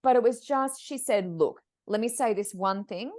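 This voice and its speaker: A woman's voice: medium pitch, moderate pace. A woman, a psychic medium, telling stories as a podcast guest, acting out the voices of the people in them. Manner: acts out quoted voices, expressive. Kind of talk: animated storytelling. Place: podcast recording.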